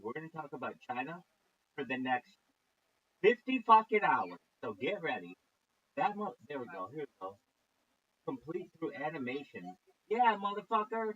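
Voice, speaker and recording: A man streaming as he reacts to videos, swearing constantly and mocking what he watches, with loud outbursts. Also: on the high side, dull audio, slight background noise. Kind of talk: profane reaction rant.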